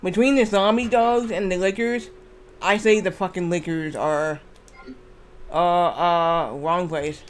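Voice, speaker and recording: A man's voice: sits high, steady tone, slow pace, a little hiss or hum. A man streaming a game, chatting in a rambling, casual way with restarts and frequent swearing. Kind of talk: casual gameplay commentary.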